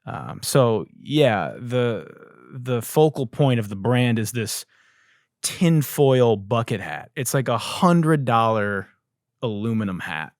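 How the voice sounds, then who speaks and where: A man's voice: mid-range voice, animated, slow pace, no echo, studio quality. A man hosting a comedy podcast, delivering a rambling, profane monologue. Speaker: podcast host.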